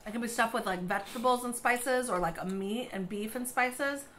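A woman's voice: a little high, moderate pace, a bit bright, a little hiss or hum. A woman co-hosting a casual eating video, enthusiastic and playful, using casual slang. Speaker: co-host of a couple's channel. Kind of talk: casual mukbang chat.

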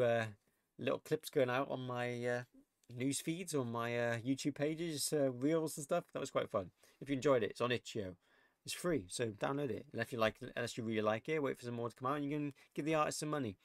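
A man's voice: medium pitch, dry recording. A man commenting on a horror game as he plays, jumpy and rambling, talking to himself. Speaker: gamer. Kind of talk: let's play commentary. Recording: noisy home recording.

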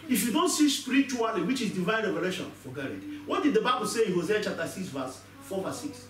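Male pastor, lively pitch, preaching to a congregation, roomy church hall, distant mic. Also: fast talker. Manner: animated, acts out voices, asks the congregation questions. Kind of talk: sermon.

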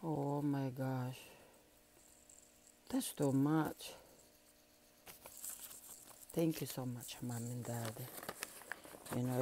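A woman's voice: low-pitched, vocal fry, mellow, a little hiss or hum. A woman vlogger chatting casually while unboxing gifts, gushing and emotional, laughing often. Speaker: channel founder.

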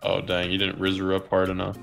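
A man giving casual let's-play commentary, excitable and repeating himself when startled. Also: low voice, fast, gravelly. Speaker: gamer. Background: game music.

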